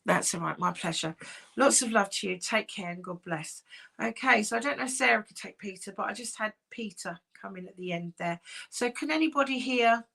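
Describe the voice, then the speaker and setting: A woman working as a psychic medium, giving live-streamed readings in a soft, reassuring, chatty way with many pauses. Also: mid-range voice, animated, gravelly. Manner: soft, reassuring, calls sitters "my darling".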